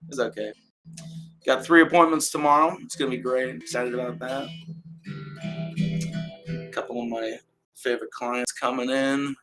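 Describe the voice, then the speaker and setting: A man's voice: mid-range voice, fairly even intonation, moderate pace, pauses often, over music, rough recording. A young man, hosting a casual live stream and rambling loosely with fillers and trailing laughs. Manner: many fillers and restarts.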